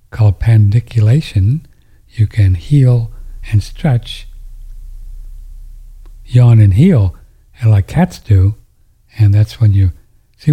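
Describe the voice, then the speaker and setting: Man with a dark, husky voice. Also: fairly low pitch. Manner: rambling, with frequent restarts and drops into near-whispers. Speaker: host answering viewer questions. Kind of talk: casual monologue.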